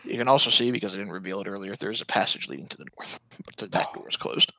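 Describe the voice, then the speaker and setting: A man running a tabletop game as dungeon master, describing scenes in a relaxed way. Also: fairly low pitch, racing, vocal fry, low-quality recording.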